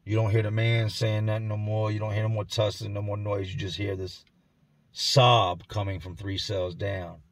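A man telling a grim first-person story in a somber, intense way, often dropping to a hush, recorded indoors at home. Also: on the low side, little pitch movement, normal speed, no echo. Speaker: storyteller and channel host.

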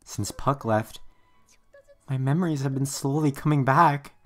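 A woman's voice: extremely low pitch, measured pace, soft background music. Emilia, a hurt young half-elf girl. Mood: quiet troubled. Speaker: anime dub character. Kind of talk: anime dub acting.

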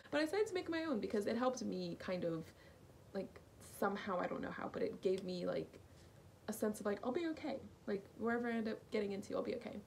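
A young woman from North Carolina chats straight to camera in a relaxed vlog. Her talk rambles and is full of "like" fillers, and her pitch sits in a middle range. A faint hiss of noise sits under the recording. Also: creaky. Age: young adult. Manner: chatty, lots of "like" fillers. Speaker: vlogger. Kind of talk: casual vlog reaction.

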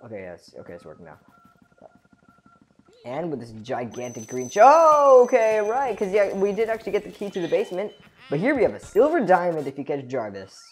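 Excitable female let's play host, rambling and chatty, very deep, lively pitch. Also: a little fast, breathy edge. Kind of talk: gameplay commentary.

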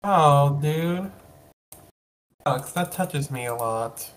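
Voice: mid-range voice, lively intonation, slow pace. A podcast host interviewing a guest over a call, playful and effusive, cracking jokes and gushing.

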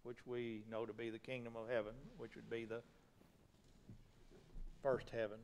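A man's voice: mid-range voice, flat delivery, moderate pace, a little mellow, a little hiss or hum. A male pastor preaching a sermon in a folksy, plain-spoken way, asking the congregation rhetorical questions.

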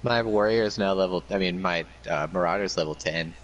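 A man chatting casually with a friend while gaming, laid-back and swearing, with deadpan replies. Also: sits low, a little fast, muffled recording, slight background noise.

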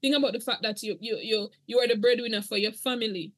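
Earnest woman, fairly high voice. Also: fast talker, dry recording. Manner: earnest, emotional, church-toned. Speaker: guest sharing her story. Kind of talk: podcast interview testimony.

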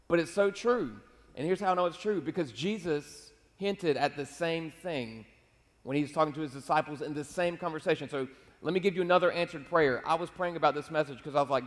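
A man delivers a sermon in a relaxed, conversational way. He tells stories and acts out dialogue with God. His voice sits a little high for a man, and it rings out with the long reverb of a large church hall. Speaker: pastor.

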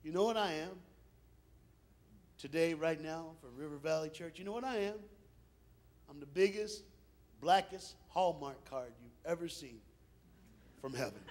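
Guy preaching in church, highish voice, funny stories, goes quiet then yells. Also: animated, measured pace, pauses often. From Tennessee. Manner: swings from soft and hushed to loud shouting; humorous storytelling with laughs. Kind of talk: sermon.

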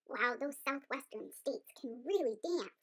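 A woman's voice: high-pitched, expressive, measured pace, a bit bright, voice pushed up, full character voice. A woman voicing chatty, cartoonish talking US states for a storybook, bouncy and eager to interrupt. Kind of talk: storybook character voices.

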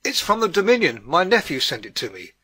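A man voicing a loud, coarse middle-aged woman who yells and scoffs like a brash gossip. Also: fairly high pitch, very animated, normal speed, breathy edge, dry recording, heavily acted. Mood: brash yelling. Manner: yelling, brash and scornful.

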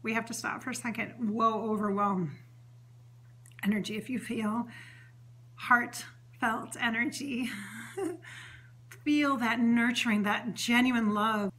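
Woman host, medium, bright tone; rambling, earnest channeling monologue. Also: a little high, steady tone, unhurried. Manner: rambling, chatty, with many fillers and restarts; earnest and emotional, relaying what a spirit says. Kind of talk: spontaneous channeling session monologue.

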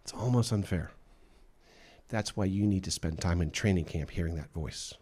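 Low, mellow-voiced male pastor preaching. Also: a little fast, husky. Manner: emphatic, acts out quotes. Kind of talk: sermon. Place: church.

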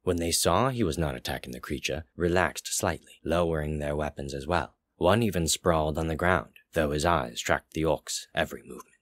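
A man narrating a fantasy story aloud in a slow, measured way. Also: very deep voice, fairly bright tone, no room sound, studio quality. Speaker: story reader. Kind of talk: audiobook narration.

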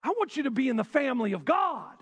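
A male pastor preaching a sermon with passion, swinging between loud bursts and hushed lines. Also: extremely high pitch, big pitch swings, fast, husky.

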